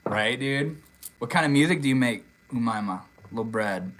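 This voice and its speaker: A young man hosting a casual live stream, reading viewer comments aloud in a relaxed, swear-heavy way. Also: medium pitch, moderate pace, a little hiss or hum, rough recording. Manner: laid-back, swears casually, says dude and bro a lot. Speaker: livestream host. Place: outdoors in the desert.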